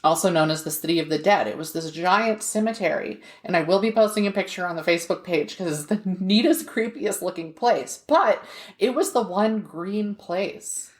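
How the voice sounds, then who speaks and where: A woman with a fairly low voice tells a story to her co-host in a relaxed, chatty way, breaking into small laughs. The room around her is echoey. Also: moderate pace. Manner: chatty, laughs mid-sentence. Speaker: podcast co-host. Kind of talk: casual storytelling.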